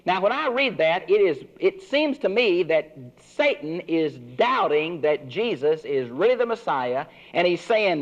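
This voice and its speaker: A man's voice: big pitch swings, a little slow, hardly any pauses. An older man giving an earnest Bible lesson, stressing his points. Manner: earnest teaching, swinging pitch for emphasis. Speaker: Bible teacher. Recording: dull lo-fi recording.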